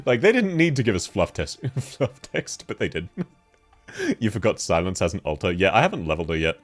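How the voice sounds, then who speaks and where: A man's voice: fairly low pitch, very animated, normal speed, pauses often, faint music behind. A man with a cold, chatting casually on a livestream, reading chat and laughing often. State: sick with a cold. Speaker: VTuber streamer.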